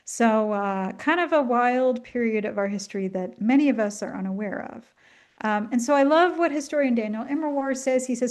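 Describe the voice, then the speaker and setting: In a casual illustrated lecture, a woman talks chattily and enthusiastically, full of ums and asides. She's at the tail end of a flu and coughs now and then. Her voice is fairly high with a darkish tone, at a moderate pace.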